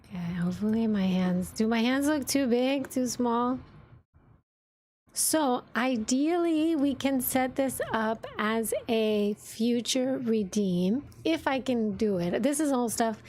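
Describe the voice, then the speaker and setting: A woman VTuber streamer chatting casually with viewers, thinking aloud and giggling while she sets up her software. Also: a little high, takes it slowly. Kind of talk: casual livestream chat while setting up software.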